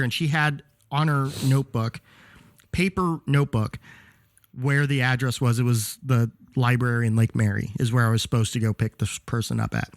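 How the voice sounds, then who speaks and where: A man co-hosting a podcast, telling a profane, animated story about a rude customer in a casual way. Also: medium pitch, normal speed, no echo, clean studio sound. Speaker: podcast co-host.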